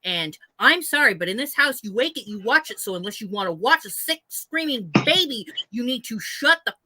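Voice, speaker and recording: A woman's voice: a little high, lively intonation, a little fast, bright, forceful tone, dry recording. Blunt, emphatic woman in a dry room. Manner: blunt, emphatic, laughs through stories. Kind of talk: casual chat.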